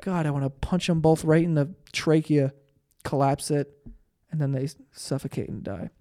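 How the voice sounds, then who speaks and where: A young man alone on his podcast, ranting in an exasperated, profane way and slipping into mocking impressions. His voice sits a little on the high side for a man. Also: fairly even intonation, moderate pace, dark tone. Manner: profane, exasperated, mocks people in put-on voices. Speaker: podcast host. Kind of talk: solo comedic podcast rant with ad read.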